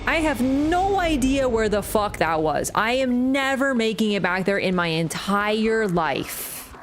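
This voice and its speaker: A woman's voice: fairly high pitch, big pitch swings, measured pace, slight background noise. A woman streaming a game live, chatting casually, swearing freely and often bursting into laughter. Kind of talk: casual live-stream commentary while playing.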